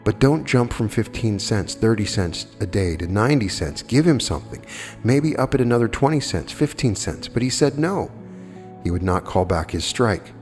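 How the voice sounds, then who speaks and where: In an old archival lecture, with long hall reverb and faint music, a man speaks plainly, posing rhetorical questions to drive his arguments and answering the audience. His voice is fairly low, expressive and darkish, at a moderate pace.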